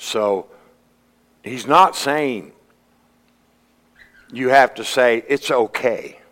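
A man preaching a sermon, earnest, climbing to emphatic peaks and then dropping low. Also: drawn-out words, fairly bright tone. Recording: long hall reverb.

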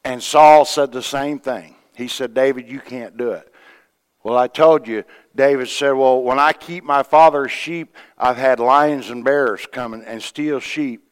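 A man preaches in a folksy, storytelling way, slipping into the voices of the people in his tale. His voice is smooth and resonant at a middle pitch. It rings out with a long reverb, as in a church hall. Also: steady tone, measured pace, hardly any pauses. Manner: folksy, retells scripture with quoted voices and asides. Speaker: pastor. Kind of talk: sermon storytelling.

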